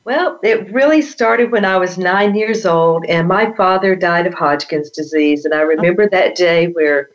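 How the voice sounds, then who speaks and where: A woman with a Southern US accent, a health coach being interviewed, warm and effusive. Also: on the low side, normal speed, few pauses. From Charlotte, North Carolina. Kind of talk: interview answers. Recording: dull lo-fi audio.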